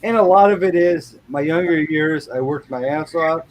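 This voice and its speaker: A man's voice: a little high, moderate pace, darkish tone, slight background noise. A man hosting a live show, telling rambling everyday stories and swearing freely in casual chat.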